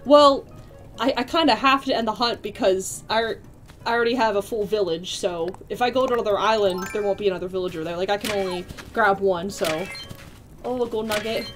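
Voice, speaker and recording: A young woman live-streaming a video game, excitable and quick to squeal and laugh as she chats with her viewers. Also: mid-range voice, soft background music.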